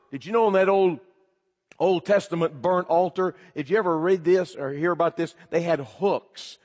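A man with a high voice delivers a sermon, telling a story line by line and pressing his listeners with direct appeals. His voice rings out with the long reverb of a large hall. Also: a little mellow. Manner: emphatic storytelling, repeating "he said". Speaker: preacher.

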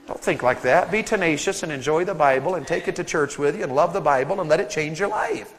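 Man, sermon to teenagers, animated, fairly high voice, long hall reverb. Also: quick pace, hardly any pauses. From Tennessee. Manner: animated storytelling, sudden loud shouts. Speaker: preacher.

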